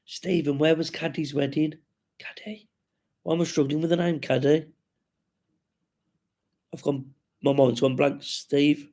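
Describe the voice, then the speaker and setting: A man's voice: fairly high pitch, steady tone, measured pace, long pauses, a little mellow. A man with a West Midlands accent hosting a live stream, reading out comments with sweary, jokey banter.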